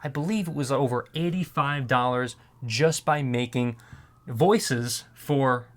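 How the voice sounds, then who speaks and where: A man's voice: mid-range voice, takes it slowly, a bit bright. A man who is a voiceover artist, talking casually in a rambling way, his voice strained and worn out. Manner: rambling, with many fillers and restarts. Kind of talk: casual vlog talk.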